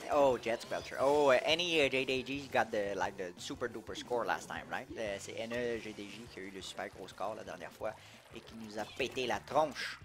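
A young man from Quebec with a Québécois French accent, streaming a game live, reacting excitably and reading chat aloud with frequent laughs. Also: lowish voice, brisk. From Quebec, Canada.

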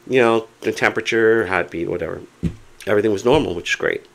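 A hard-of-hearing man casually retelling a doctor's visit to camera, animated and quoting people as he goes. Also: lowish voice, quick pace, gravelly. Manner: animated retelling with acted quotes. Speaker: vlogger.

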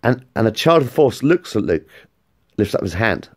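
A man telling a made-up story in a casual, rambling, excitable way, swearing freely. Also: fairly low pitch, normal speed. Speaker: vlogger.

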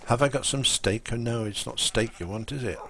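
A man's voice: mid-range voice, fairly quick, fairly bright tone, a little hiss or hum. A man chatting casually and rambling while he plays a game on a live stream. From England. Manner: rambling, full of ums and restarts.

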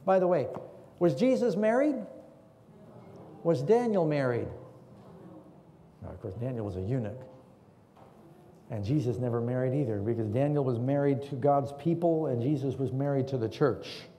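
Preacher in an echoey church hall. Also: male voice, medium pitch, animated, moderate pace, pauses often, mellow, a little hiss or hum. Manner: asks the congregation questions. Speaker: pastor. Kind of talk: sermon.

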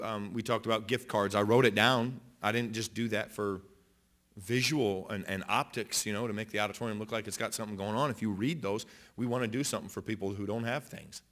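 A man preaching a sermon as pastor in a church auditorium, impassioned, moving between loud declarations and quiet storytelling, with frequent restarts and repeated phrases. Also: fairly low pitch.

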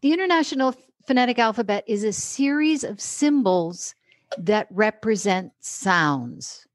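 A woman voice and speech coach talks as a podcast guest, eager and quick to laugh. Her diction is careful and precise, in an easy mid-range voice. The recording is close and dry, with almost no room sound. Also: medium pitch, lively intonation, no room sound. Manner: enthusiastic, laughs easily, precise articulation. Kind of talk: casual podcast interview. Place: home in Philadelphia.

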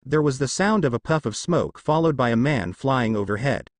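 Man, fan fiction narrator, steady reading, animated pitch, dry close mic. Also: moderate pace, no room sound.

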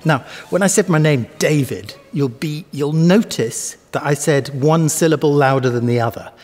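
Facing the camera in an echoey filming space with flickering lights, a male cellist teaches musical concepts thoughtfully, voicing words to show where the stress falls. His fairly high, darkish voice moves at a normal speed through a mic in front of him, with faint music behind in the large hall.

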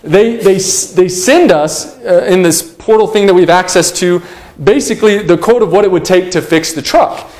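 A young adult man preaching a sermon as pastor, telling animated stories with humorous asides and acting out his own past rants. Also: high voice, moderate pace.

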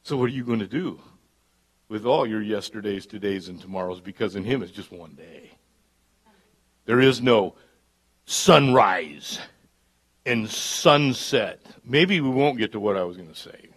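A pastor preaching a live church sermon, dropping to hushed asides and climbing to loud, emphatic peaks. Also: male voice, lowish voice, lively intonation, a little slow, long pauses, slightly rough. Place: church service.

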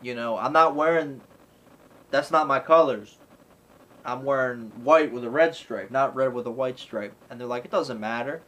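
A man's voice: medium pitch, moderate pace, fairly bright tone, low-quality recording. A man casually reviewing a classic film in a rambling way, filling his talk with "you know" and "like" and acting out lines from scenes. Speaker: movie reviewer.

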